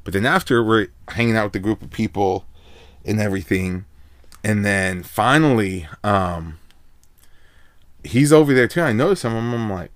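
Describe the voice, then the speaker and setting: A man's voice: fairly low pitch, moderate pace, dry recording. A man telling a long personal story in casual chat, rambling and laid-back, full of filler words.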